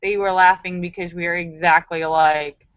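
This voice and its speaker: A woman's voice: fairly low pitch, steady tone, normal speed, fairly bright tone, smooth, dry recording, dull audio. A woman hosting a casual live stream, chatting and telling jokes, laughing often and acting out quoted voices.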